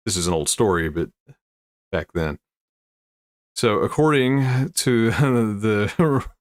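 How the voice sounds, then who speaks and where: An American man with a lowish voice hosts a casual livestream about odd news stories, chuckling often, rambling, and interrupting himself as he reacts to viewer comments. The studio-quality sound has no echo.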